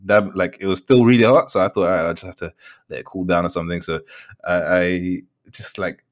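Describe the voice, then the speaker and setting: A man's voice: deep voice, steady tone, brisk. A man telling a story in a casual podcast chat, laughing often and using slang. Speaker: podcast co-host.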